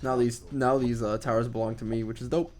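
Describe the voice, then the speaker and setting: This gameplay commentator speaks a little fast in a mid-range, fairly flat voice, rambling casually about his strategy game with the occasional swear word while game music plays behind him.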